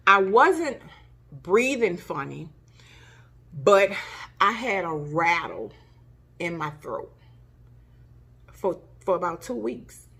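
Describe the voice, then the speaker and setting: A woman's voice: lowish voice, big pitch swings, extremely slow, vocal fry, pauses often, pushed and bright, breathy edge. A middle-aged woman tells a personal story to camera, emotional, acting out gasps and cries as she recalls them. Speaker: vlogger.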